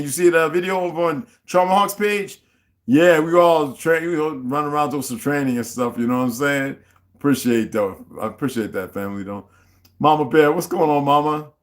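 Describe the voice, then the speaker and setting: Man, livestream host, profane heated rant, very lively swinging pitch, mid-pitched voice, shouts out chat viewers. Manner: profane, heated, animated ranting; greets viewers and reads their chat comments aloud.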